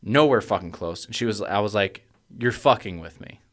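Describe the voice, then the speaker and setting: This young podcast co-host has a fairly low, expressive voice and talks at a normal speed. Telling a story casually, he curses freely and becomes loud and worked up while reliving a panic.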